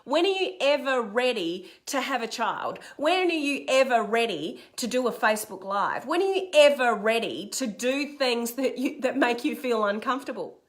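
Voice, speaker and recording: A middle-aged woman with an Australian accent, giving a direct, energetic motivational talk as a coach on a live stream and reading out viewer comments as she goes. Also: fairly high pitch, moderate pace, few pauses. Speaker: online business coach.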